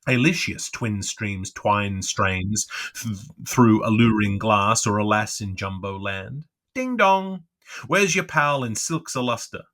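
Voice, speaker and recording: A man giving an unrehearsed, expressive reading of dense literary prose, with a lilting delivery and occasional stumbles over words. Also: on the low side, slow pace. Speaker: reader.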